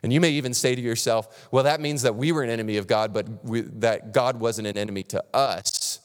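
A man in his thirties preaches with lively, animated delivery, often restarting his sentences and acting out quotes in other voices. His medium-pitched voice carries a long reverb from a large hall. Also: brisk. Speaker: pastor. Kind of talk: sermon.

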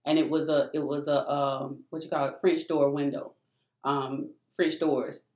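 A woman's voice: sits low, a little slow. A woman telling a personal faith testimony in a casual, emphatic storytelling manner, often calling out to her listeners. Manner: animated, emphatic, addresses listeners as "y'all". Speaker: testimony speaker. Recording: echoey room.

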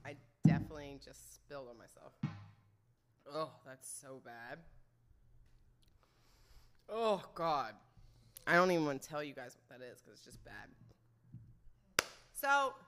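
A young woman hosting a casual livestream, loud and laughing, swearing often as she chats to her viewers. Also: low-pitched, sing-song, slow pace, creaky, pauses often, a little hiss or hum. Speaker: livestream host.

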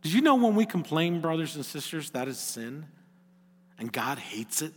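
Middle-aged man as church pastor, slightly higher voice, earnest preaching that swells to emphatic calls, long hall reverb. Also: sing-song, moderate pace, slightly rough. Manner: earnest, rising to emphatic exhortation. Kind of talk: sermon.

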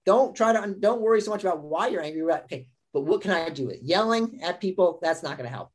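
A man's voice: sits high, animated, fast talker. Male psychologist explaining patiently. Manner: teaching tone, tags many points with "right?" and "all right"; acts out patients' inner voices in quotes. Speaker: psychologist, podcast guest. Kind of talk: explanatory interview talk.

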